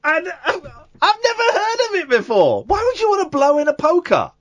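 A man's voice: extremely high pitch, wildly swooping pitch, a little fast, a bit bright, highs cut off. A man hosting a late-night phone-in radio show, jokey and mock-outraged, rambling and restarting his sentences. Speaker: radio host. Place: radio studio. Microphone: studio microphone.

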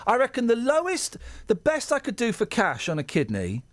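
Guy hosting radio, jokey and excitable, voice jumps around a lot, dry studio sound. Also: extremely high pitch, dry recording. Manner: joking, excitable, quick to exclaim. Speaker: radio host. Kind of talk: casual radio banter. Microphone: studio microphone.

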